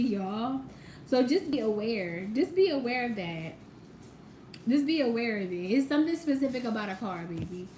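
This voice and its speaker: A woman's voice: on the high side, very animated, moderate pace, mellow, echoey room, slight background noise, low-quality recording. A woman doing a casual tarot reading, talking straight to the viewer with emphasis and casual swearing. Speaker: tarot reader.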